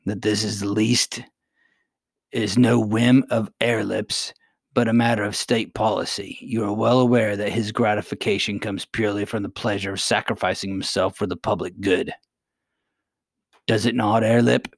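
A man's voice: on the low side, level tone, moderate pace, no echo, studio quality. A man playing a pompous goblin king. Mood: dignified. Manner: dignified, placating.

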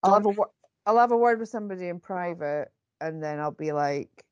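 A Scottish woman co-hosting a casual chat, animated and thinking aloud with plenty of ums. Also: fairly low pitch, fairly quick, dry recording, highs cut off. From Scotland. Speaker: podcast co-host.

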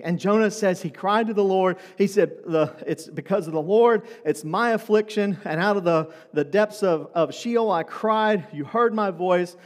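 A man with a notably high voice preaches a sermon to his congregation. He talks in a loose, conversational way and keeps throwing rhetorical questions at the room. His voice rings out with the long reverb of a church hall. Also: normal speed, few pauses. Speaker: pastor.

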